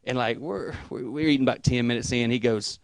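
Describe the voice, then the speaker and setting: A man, a guest comedian telling a profane, animated story in casual podcast talk. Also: mid-range voice, fairly quick, creaky, no echo, clean studio sound. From Alabama. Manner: profane, animated retelling with acted quotes.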